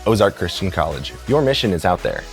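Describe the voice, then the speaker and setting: A man's voice: deep voice, sing-song, brisk, vocal fry, soft background music. A young man hosting a college video, laughing and tripping over his words. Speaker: host.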